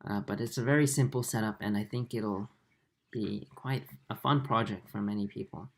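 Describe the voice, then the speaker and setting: A man in his twenties hosting a livestream, reading viewer comments aloud in a soft, halting way with many fillers. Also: fairly low pitch, creaky. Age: 20s. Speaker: aquarium channel host.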